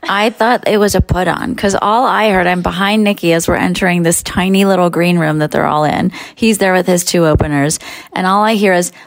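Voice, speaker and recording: A woman guest on a podcast, chatting casually and excitedly retelling a shared story. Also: lowish voice, brisk. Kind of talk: casual chat.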